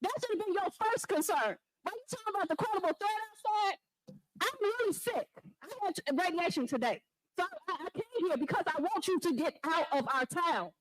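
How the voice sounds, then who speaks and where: A woman stands at a podium microphone in a village board meeting, her high voice carrying accusation and pleading. The sound is close and dry. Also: animated, brisk, dry recording, poor audio. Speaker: resident speaking at public comment. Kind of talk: impassioned public comment.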